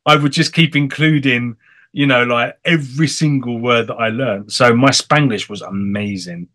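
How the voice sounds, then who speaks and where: An English man hosting an interview show in a casual, chatty way, animated and playful. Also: mid-range voice, moderate pace. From England. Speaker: host. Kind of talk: casual chat.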